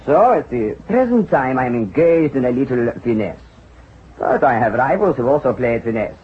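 A flamboyant, persuasive financier. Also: male voice, medium pitch, moderate pace, husky. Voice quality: expansive, persuasive, lively intonation. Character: flamboyant smooth-talking male Parisian financier. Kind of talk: vintage radio drama acting. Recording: dull old radio drama recording.

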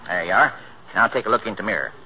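An actor playing a folksy small-town tailor in a 1940s radio comedy, with homespun grammar. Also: male voice, on the low side, expressive, rapid-fire. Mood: smooth. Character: folksy small-town man tailor, middle-aged, easygoing. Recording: muffled old radio broadcast, faint hiss.

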